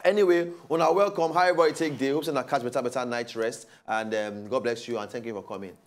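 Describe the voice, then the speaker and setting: Deep-voiced Nigerian woman co-host. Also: fast. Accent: Nigerian Pidgin English. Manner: playful, jokey banter. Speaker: TV show co-host. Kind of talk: casual chat.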